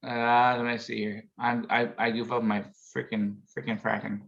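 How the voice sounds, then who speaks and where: A man's voice: mid-range voice, level tone, normal speed, creaky, a bit bright. A man hosting a casual video call show, reading jokes aloud in a rambling, chuckling way. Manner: chuckling, rambling joke-teller. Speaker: show host. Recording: muffled video call audio.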